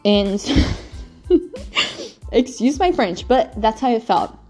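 A woman's voice: fairly high pitch, expressive, moderate pace, mellow, soft background music. A young woman vlogging, telling a personal story in a candid, rambling way with frequent swearing. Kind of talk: casual storytelling.

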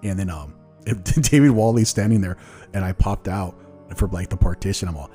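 Podcast host, male, deep mellow voice, loose storyteller. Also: moderate pace, faint music behind. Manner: loose, storytelling, acts out quotes. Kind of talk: casual interview chat.

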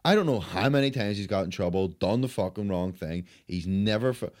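A man's voice: fairly low pitch, animated, brisk, darkish tone. A man co-hosting a casual podcast, blunt and sweary, often starting with hesitations. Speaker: podcast co-host. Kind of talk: casual chat.

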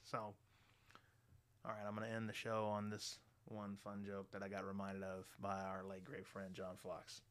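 A man's voice: sits low, monotone, normal speed, fairly bright tone. A man hosting a podcast, telling crude stories and jokes in a rambling, profane way, full of "you know" fillers. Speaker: podcast host. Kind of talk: crude casual storytelling and joke telling.

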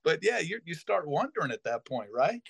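Middle-aged male storyteller, a bit high-pitched, lively, dry close sound. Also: a little fast, vocal fry, husky, dry recording, poor audio. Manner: animated, acts out quoted voices. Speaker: podcast host telling a story. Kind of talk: casual storytelling.

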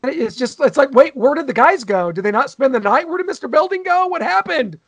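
A man's voice: very high voice, lively intonation, fairly quick, gravelly, fairly bright tone. A man co-hosting a podcast, chatting casually and gushing about an old sitcom episode, with frequent fillers. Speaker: podcast co-host.

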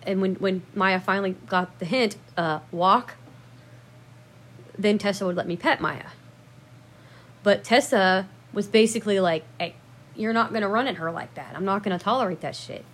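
A woman casually telling memories about her dogs in a rambling, profane way, laughing at herself and jumping up loud when she acts out what people said. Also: medium pitch, moderate pace. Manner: acts out quoted lines with sudden loud bursts. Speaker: dog owner telling memories. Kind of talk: casual storytelling to camera.

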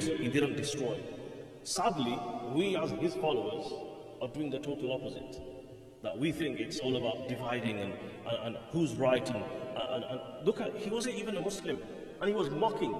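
A man, a mufti giving a storytelling lecture in a mosque, who chants the call to prayer melodically. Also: fairly high pitch. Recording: echoey hall, voice from far off.

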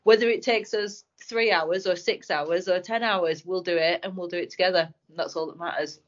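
Low-voiced woman, heartfelt podcast guest, muffled audio. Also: fairly even intonation, moderate pace. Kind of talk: emotional casual chat.

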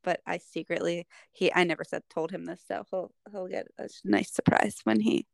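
A woman's voice: on the low side, moderate pace, creaky, dry recording. A woman co-hosting a podcast, telling stories animatedly and saying "like" a lot. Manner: animated storyteller, lots of "like". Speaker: podcast co-host. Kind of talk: casual chat.

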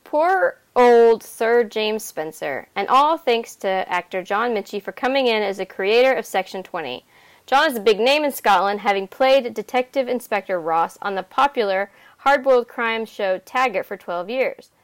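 A woman co-hosts a podcast with a somewhat high voice. She rambles casually with fillers and laughs easily. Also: animated, moderate pace, clean tone. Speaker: podcast co-host.

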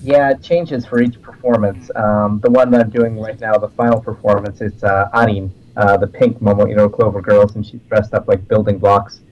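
Low-voiced male podcast host, easygoing rambler, muffled lo-fi audio. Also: normal speed, few pauses. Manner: relaxed, rambling with fillers. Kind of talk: casual fan chat. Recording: dull lo-fi audio.

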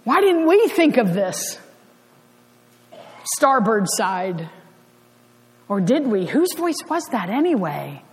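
A woman pastor preaches with a bright, high voice. She tells the story in a conversational, lightly humorous way. Her words carry a long reverb from the church sanctuary. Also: very animated, slow, pauses often. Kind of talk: sermon.

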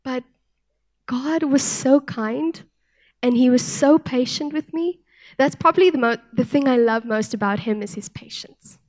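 Young woman preaching at church, soft and earnest, slightly high voice, restarts a lot. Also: measured pace. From South Africa. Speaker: church speaker. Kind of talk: sermon with personal testimony.

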